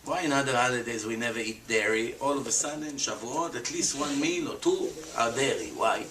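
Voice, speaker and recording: A man's voice: medium pitch, fairly quick, far from the mic. A man streaming, explaining religious teaching with emphatic rhetorical questions and non-native English phrasing. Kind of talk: animated religious explanation to a chat. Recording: echoey room, off-mic, faint noise.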